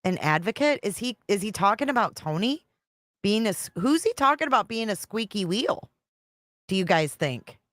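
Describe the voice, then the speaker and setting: A woman's voice: mid-range voice, big pitch swings, moderate pace, fairly bright tone, no room sound, studio quality. A woman hosting a live stream, chatting casually and reading out viewer comments as she reacts to a clip. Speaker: livestream host reacting to a clip.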